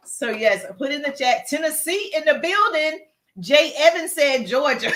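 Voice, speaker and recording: A woman's voice: sits high, lively intonation, normal speed, fairly bright tone. Upbeat Southern woman hosting a livestream. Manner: upbeat, hypes viewers, greets chat by name. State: getting over a cough. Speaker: livestream host, business coach. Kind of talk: live stream Q&A chat.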